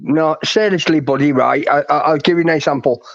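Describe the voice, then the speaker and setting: A man's voice: on the high side, fairly quick, vocal fry, dry recording, lo-fi sound. A man with a Warrington accent hosting a live stream, rambling through stories with lots of fillers and swearing. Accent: Warrington, northwest English. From Warrington, England. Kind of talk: casual chat.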